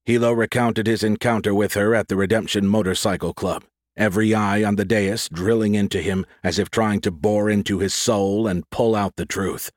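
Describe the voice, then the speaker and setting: A man with a fairly low voice narrates an audiobook in a measured, descriptive way. The recording is dry and close, with no room echo. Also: steady tone. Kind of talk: scripted narration.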